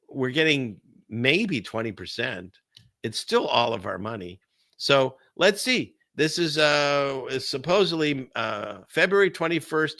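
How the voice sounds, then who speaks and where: A man's voice: medium pitch, bright, forceful tone, dry recording, clean studio sound. A man hosting a casual livestream of political commentary, rambling and sarcastic, often laughing between remarks. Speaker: host of a political commentary stream.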